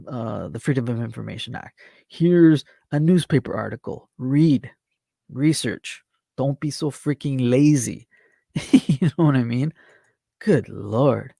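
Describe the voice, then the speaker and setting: A worked-up man hosts his own talk show and reads news clippings aloud between scolding asides. His voice is gravelly and mellow, and it sits in a dry room with no echo. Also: mid-range voice, animated, unhurried. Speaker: host of an online talk show. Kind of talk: ranting commentary while reading news articles aloud.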